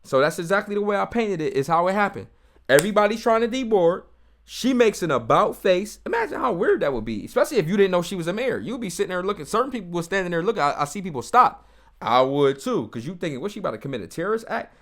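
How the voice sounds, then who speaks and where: Talking fast in a high-sitting voice, a man comments on a video in a casual, heated way. He addresses his viewers directly, animated and mocking.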